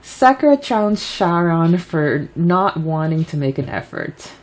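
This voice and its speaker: A woman's voice: fairly low pitch, sing-song, unhurried, low-quality recording. A woman co-hosting a podcast, chatting casually and laughing often as she sums up a story chapter. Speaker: podcast co-host. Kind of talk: casual chat recapping a fanfiction chapter.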